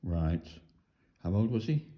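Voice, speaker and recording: A man's voice: low-pitched, lively intonation, unhurried. A man asking a medium short, prompting questions from off-mic. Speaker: fellow investigator asking questions. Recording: dull, distant sound.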